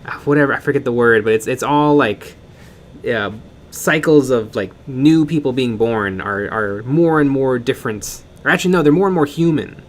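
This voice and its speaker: Joking and wandering off topic while going through chat on a relaxed miniature-painting stream, a male co-host speaks with fillers and restarts. His pitch is medium, his speed normal, and there's slight background noise.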